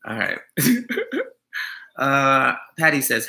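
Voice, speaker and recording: A man's voice: medium pitch, normal speed, sharp tone. A man who is a dog groomer, chatting on a live stream, joking and teasing viewers as he rambles with many fillers.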